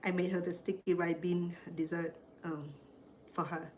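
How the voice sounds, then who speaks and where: A woman's voice: lowish voice, flat delivery, moderate pace, a little mellow, a little hiss or hum. A woman with a Cambodian accent, a native Khmer speaker, hosting a cooking show and chatting in a rambling, storytelling way in her home kitchen. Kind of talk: casual chat while cooking.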